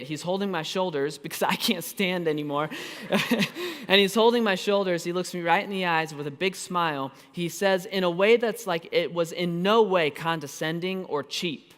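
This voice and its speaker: A man in his thirties, a pastor telling a personal story in a sermon, animated and self-deprecating, with quick asides and restarts. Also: high-pitched. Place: church auditorium. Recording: long hall reverb.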